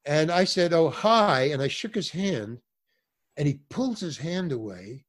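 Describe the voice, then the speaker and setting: A man's voice: fairly high pitch, lively intonation, measured pace. An older man, an actor and comedian, telling a story in a casual interview and acting out the voices of the people in it, with many fillers and restarts.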